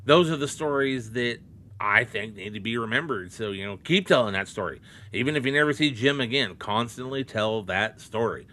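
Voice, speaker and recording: A man with a bright, forceful tone hosts a podcast. He chats casually and reflects fondly on the people he has interviewed, in a mid-pitched voice. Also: expressive, normal speed. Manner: reflective, affectionate about old wrestlers. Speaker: podcast host. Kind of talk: casual chat.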